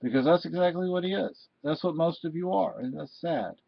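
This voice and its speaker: A man's voice: on the high side, brisk, gravelly, no echo, highs cut off. A middle-aged man vlogging a political rant, scolding and lecturing his viewers with indignation.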